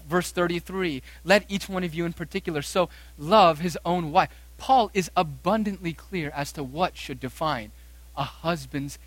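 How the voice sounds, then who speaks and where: A man's voice: a little high, no room sound, poor audio. Emphatic male preacher, dry close sound. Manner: emphatic preaching, rising to loud stresses and slowing on quoted verses; repeats phrases for emphasis. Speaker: pastor. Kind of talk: sermon.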